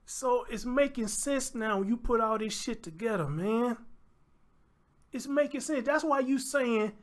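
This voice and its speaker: A man's voice: very high-pitched, a little slow. Sex: man. Role: show host. Style: emotional reaction commentary. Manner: profane, heated, near tears.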